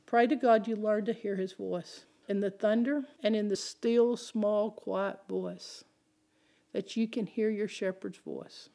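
A woman preaching a sermon, asking the congregation rhetorical questions and climbing in pitch and volume as she drives her points home. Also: unhurried, gravelly. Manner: animated, rising in pitch and volume when stressing points.

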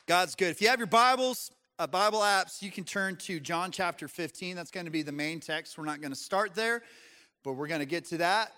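A man's voice: high-pitched, brisk, sharp tone, clean tone, long reverb tail. A male pastor preaching a sermon in a conversational, joking way with his congregation in a church. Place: church sanctuary.

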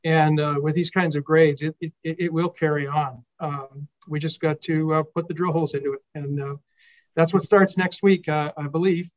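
Upbeat man pitching a project. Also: fairly even intonation, moderate pace. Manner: upbeat, promotional, confident about potential. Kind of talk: promotional interview talk. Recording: dull lo-fi audio.

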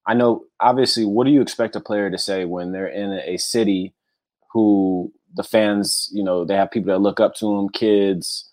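A man co-hosting a casual sports podcast in a relaxed, rambling way. His voice is very low, and he keeps working in easy fillers as he thinks aloud. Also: normal speed. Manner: easygoing, rambling, many fillers like "you know". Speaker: podcast co-host.

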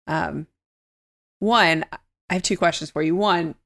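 A woman hosting a podcast speaks in a very low voice with a gravelly fry. She asks friendly, rambling questions padded with fillers. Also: measured pace, a bit bright. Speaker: podcast host. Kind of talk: casual interview chat.

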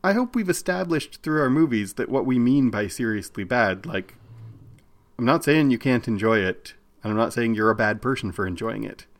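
A man's voice: medium pitch, animated, normal speed. Guy cohosting a chatty podcast, mid voice, opinionated, keeps restarting sentences. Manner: opinionated, talks in bursts with restarts. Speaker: podcast co-host. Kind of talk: casual podcast chat.

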